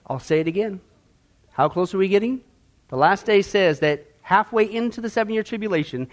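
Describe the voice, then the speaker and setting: A man preaching about Bible prophecy in a sermon style, emphatic and sarcastic, calling his listeners folks. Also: on the high side.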